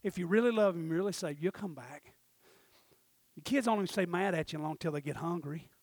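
A middle-aged man, preaching a sermon and swinging from quiet confiding talk to shouted exhortation. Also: fairly high pitch, fairly quick, no echo. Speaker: pastor.

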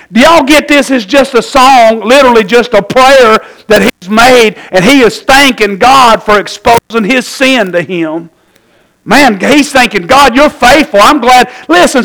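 A man's voice: very high voice, low-quality recording. A man, from Tennessee, preaching a folksy sermon and often asking the congregation for an amen. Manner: animated, folksy, calls for amens.

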